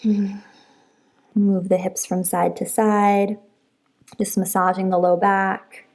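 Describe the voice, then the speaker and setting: A woman teaching a yoga class, calmly giving breath-timed cues with soft hums and encouragement between them. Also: medium pitch, slow pace. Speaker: yoga instructor. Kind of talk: guided yoga class instruction.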